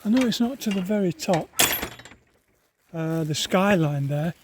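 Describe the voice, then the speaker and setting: Breathless man grumbling on a slow hike. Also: high voice, lively intonation, a little mellow, a little hiss or hum. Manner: rambling, muttering to himself, grumbling at the hills. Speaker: hiker vlogger. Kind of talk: walking vlog commentary. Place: outdoors on open moorland.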